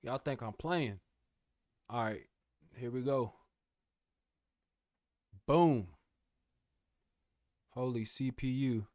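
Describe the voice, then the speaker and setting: A man's voice: mid-range voice, drawn-out words, long pauses, darkish tone, dry recording, studio quality. A young man chatting casually with his live-stream viewers, laid-back and slangy, calling them bro and y'all. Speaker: music producer streamer.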